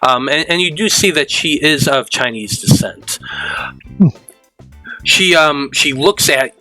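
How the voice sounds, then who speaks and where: A man narrating as game master, halting and full of fillers as he describes scenes. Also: fairly high pitch, pushed and bright, soft background music, rough recording.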